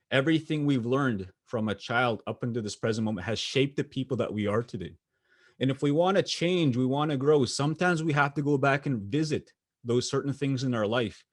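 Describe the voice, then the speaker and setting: A young adult man from Canada giving a motivational keynote, telling personal stories in an earnest, pausing way with small restarts. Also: mid-range voice. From Sweetgrass First Nation, Saskatchewan, Canada. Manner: earnest storytelling with pauses and restarts. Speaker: motivational speaker. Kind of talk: keynote speech.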